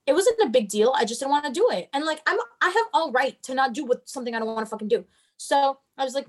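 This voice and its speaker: High-voiced sassy young woman storyteller. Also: fairly quick. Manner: animated, profane, sassy. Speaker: storyteller guest. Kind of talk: casual storytelling chat.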